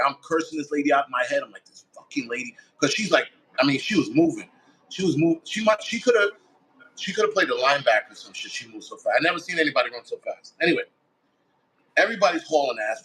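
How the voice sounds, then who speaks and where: Heard on a rough recording, a fairly high-pitched, slightly bright male voice belongs to a firefighter guest. He narrates casually in the first person, swears a lot, and dramatizes his own quoted thoughts bluntly.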